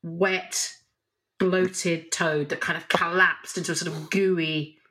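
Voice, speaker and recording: A woman chatting as a podcast guest, rambling from one enthusiasm to the next and swearing freely. Her voice has a bright, forward tone. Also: on the low side, fairly even intonation, takes it slowly, poor audio. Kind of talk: casual chat.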